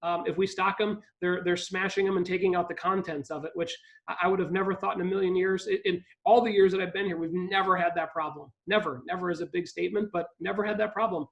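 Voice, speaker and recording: High, flat-toned man on a video call. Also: fast, creaky, lo-fi sound. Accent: Ohio. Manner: hesitant, many ums and restarts. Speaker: park district CEO, guest speaker. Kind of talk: live video call talk.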